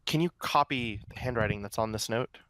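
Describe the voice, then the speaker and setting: Guy at a tabletop game, smooth resonant voice, kinda hesitant when asking stuff. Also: medium pitch, a little fast, bright, forceful tone, no room sound. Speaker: player. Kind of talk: casual chat.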